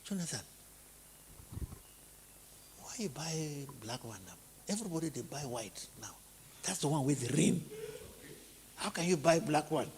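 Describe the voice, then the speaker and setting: A Nigerian preacher doing a nosy hushed gossip. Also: male voice, fairly high pitch, animated, unhurried, pauses often, long reverb tail, a little hiss or hum. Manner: hushed, confiding.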